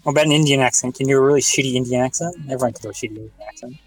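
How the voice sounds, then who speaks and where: A man's voice: medium pitch, rapid-fire, faint music behind. A young Australian man in casual group chat, playful and joking. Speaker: chat participant.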